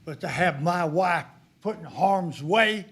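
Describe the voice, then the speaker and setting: Older man at the podium, angry and emphatic, voice pitched high. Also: lively intonation, slow, a bit bright. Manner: heated, accusatory, emphatic. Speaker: public commenter. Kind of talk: public comment at a county meeting. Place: county commissioners' court meeting room.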